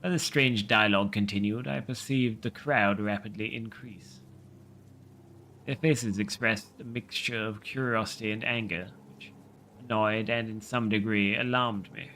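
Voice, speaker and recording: A man reading a classic novel aloud on a livestream in a steady, measured way. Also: lowish voice, slight background noise, rough recording.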